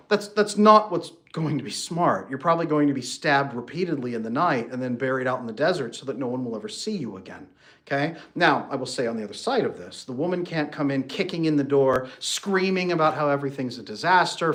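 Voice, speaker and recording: A man coaching on marriage, talking in a lively way and breaking into playful mock voices for his examples. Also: medium pitch. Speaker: relationship coach. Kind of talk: animated solo talk with acted-out examples.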